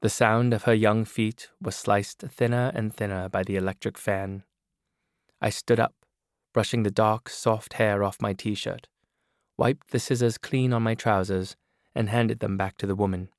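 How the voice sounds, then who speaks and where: A man narrating a novel in a measured first-person reading. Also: fairly low pitch, fairly even intonation, no echo. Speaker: audiobook narrator. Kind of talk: scripted narration. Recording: dry studio booth.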